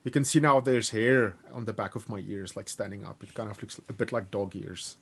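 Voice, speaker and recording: A man's voice: fairly low pitch, brisk, a bit bright, breathy edge. A man with a South African accent playing a tabletop role-playing game, describing his character's actions in a loose, hesitant way. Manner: loose, hesitant, many fillers like "like". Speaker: player.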